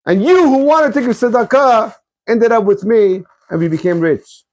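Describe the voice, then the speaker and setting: A man voicing a generous new husband who exclaims emphatically in a much higher voice. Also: level tone, a little fast, dark tone, slightly rough. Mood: triumphant.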